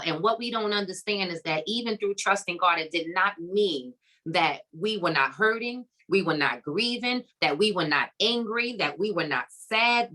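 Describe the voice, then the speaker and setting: Bright emphatic woman hosting a summit. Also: on the low side, rough recording. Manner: emphatic, preacher-like, repeating phrases with "come on" and "okay". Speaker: summit host. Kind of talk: encouraging faith-based talk to a live online audience.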